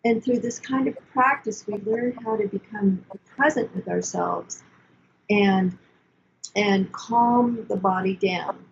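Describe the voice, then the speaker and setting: An older woman therapist explaining emotional self-care in an earnest, coaching way, with gentle self-soothing asides. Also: mid-range voice, takes it slowly, creaky. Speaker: therapist guest. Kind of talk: explanatory podcast talk. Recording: dull lo-fi sound with faint noise.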